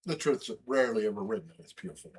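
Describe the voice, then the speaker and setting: A man's voice: mid-range voice, animated, fast talker, a little mellow, husky. A man co-hosting a casual podcast, joking and teasing in playful banter. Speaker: co-host.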